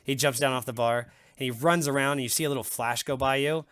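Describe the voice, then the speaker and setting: A man acts as game master for a tabletop game, narrating in a loose, casual way full of fillers. His voice is bright and clear. It sits dry and close, with no room echo. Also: medium pitch, fairly even intonation, fast talker.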